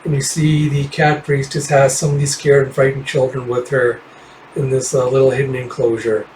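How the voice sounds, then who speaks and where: A man's voice: mid-range voice, flat delivery, normal speed, darkish tone, slight background noise, rough recording. A man casually narrating a comic book readthrough, loose and rambling with lots of filler words.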